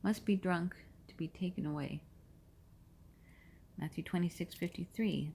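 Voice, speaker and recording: Woman scripture reader, lower voice, reads references aloud, restarts lines. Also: a little slow, vocal fry, long pauses, dark tone, breathy edge. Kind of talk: scripture reading.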